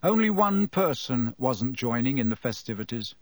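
A man's voice: medium pitch, moderate pace, dry recording. Man narrating an audiobook, dry sound. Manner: lively, dramatic storytelling.

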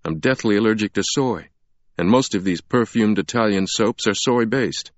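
A man voicing a nervous, flustered grown man in an audiobook, quick to explain himself. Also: lowish voice, no echo, lo-fi sound, natural voice. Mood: apologetic. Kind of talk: audiobook character reading.

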